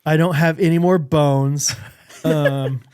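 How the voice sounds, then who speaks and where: A man's voice: on the high side, steady tone, takes it slowly, darkish tone, clean tone. A man co-hosting a podcast, running a casual quiz with lots of laughter and hesitant filler words. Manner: giggly, hesitant, lots of ums. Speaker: podcast co-host.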